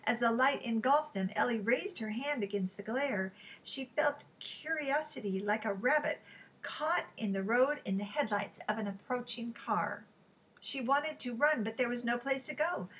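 A woman reading a novel aloud in an even, unhurried way, with small slips she corrects. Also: fairly high pitch, breathy edge, low-quality recording. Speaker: reader.

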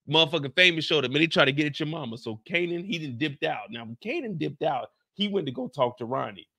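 A man recapping a TV episode in casual storytelling style, animated and profane, loudly acting out quotes. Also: on the high side, fast talker, hardly any pauses, dry recording, clean studio sound. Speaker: recap host.

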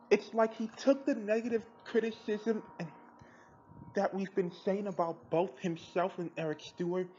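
A woman delivers blunt, sarcastic review commentary at an unhurried, drawn-out pace. Her voice comes through a dull, lo-fi home recording with a faint hiss underneath. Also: medium pitch, mellow. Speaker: podcast host.

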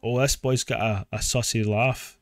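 A man, casually commentating a live game, excitable, swearing and laughing often. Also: mid-range voice, moderate pace, over music. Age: 30s. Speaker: streamer.

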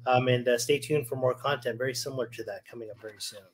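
A man's voice: medium pitch, steady tone, fast talker, slight background noise. A man co-hosting a podcast, chatting casually and teasing the others, with plenty of fillers. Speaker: podcast co-host. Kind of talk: casual chat.

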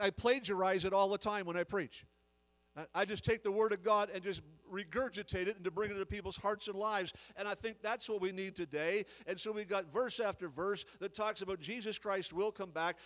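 A man's voice: high-pitched, a bit bright, in a large hall, rough recording. A man, a guest preacher, delivering an emphatic sermon full of repetition and rising intensity.

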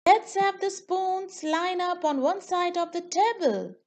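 A woman voicing a kind young princess babysitter in a read-aloud storybook, gentle and encouraging. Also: extremely high pitch, a little slow, pitched above the performer's own voice.

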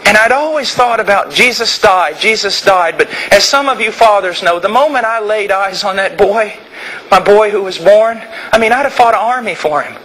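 A man preaching a sermon, moving between quiet reflection and fervent shouting. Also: sits high, moderate pace, slight background noise, low-quality recording. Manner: impassioned, swings from quiet to shouting.

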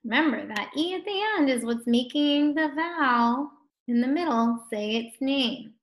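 A woman's voice: high-pitched, animated, moderate pace. A woman teaching a recorded phonics lesson to first graders, sounding out words and praising the children.

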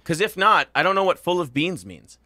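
Man, radio host, bright forceful voice, crude joking banter, dry close mic. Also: sits high, expressive, brisk, no room sound. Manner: loud, mocking, laughs often. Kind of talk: crude comedic morning-show banter.

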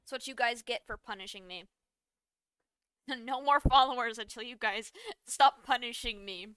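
A young woman streaming a game, reacting out loud with casual swearing and bursts of dramatic pleading. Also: a little high, moderate pace, clean tone. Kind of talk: casual live game commentary. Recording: faint game music behind.

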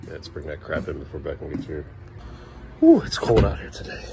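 A man's voice: extremely low pitch, huge pitch swings, fairly quick, gravelly, mellow, slight background noise. A man in his thirties, a sleepy father filming a casual family vlog at home and outside, teasing and coaxing his kids along. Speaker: father and vlogger. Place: home kitchen, then outdoors by the street.

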